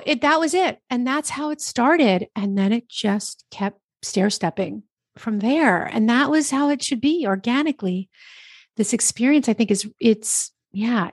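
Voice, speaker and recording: A talkative woman from New Jersey recounts her story as a podcast guest. She chats in an animated way, slipping into quoted self-talk. Her voice sits at a middle pitch on a close, dry microphone with no room sound. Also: normal speed, husky, no echo. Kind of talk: casual interview storytelling.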